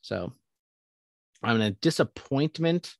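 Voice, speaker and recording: A man's voice: medium pitch, expressive, slow, vocal fry, no room sound, clean studio sound. Rambling young man on a podcast. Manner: rambling, swears casually, many restarts. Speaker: podcast co-host. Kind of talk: casual chat.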